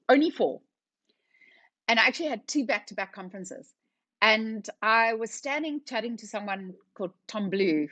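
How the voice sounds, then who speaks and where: A middle-aged woman, telling her story as a guest on a podcast. She is a lively storyteller who acts out the conversations. Her voice sits at an ordinary pitch and sounds dry and close, with almost no room echo. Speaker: company founder, podcast guest. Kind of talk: casual storytelling interview.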